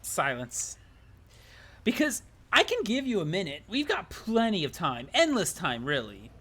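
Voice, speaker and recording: A man voicing a smug, well-spoken male narrator from a game, with drawn-out, theatrical delivery. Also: sits high, huge pitch swings, sharp tone, slightly rough, exaggerated voice. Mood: teasing. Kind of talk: reading a game narrator aloud.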